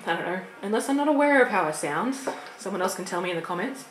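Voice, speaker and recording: A woman's voice: medium pitch, animated, fast talker. Rambling Australian woman in an echoey room. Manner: rambling, laughs often, restarts sentences. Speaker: vlogger. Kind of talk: casual chat. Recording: echoey room with faint noise.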